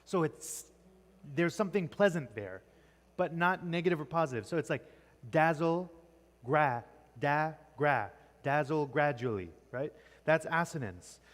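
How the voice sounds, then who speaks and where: A man's voice: fairly high pitch, lively intonation, normal speed. Man lecturing in an echoing church room. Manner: quizzes the class, tags nearly every point with "right?". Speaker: teacher. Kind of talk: classroom lecture on poetry. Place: church classroom. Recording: long echoing reverb.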